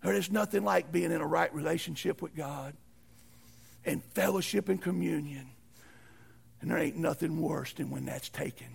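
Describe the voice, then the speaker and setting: A man preaching a sermon in a folksy way, swinging from shouted peaks to hushed lows. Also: moderate pace, creaky, husky. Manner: folksy, uses ain't and y'all. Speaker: pastor.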